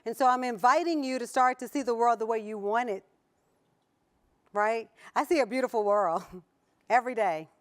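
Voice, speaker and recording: Lively Southern woman giving a motivational talk. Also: fairly high pitch, moderate pace, long pauses. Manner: lively, playful, laughs often and asks the audience questions. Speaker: conference keynote speaker. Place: conference hall before an audience.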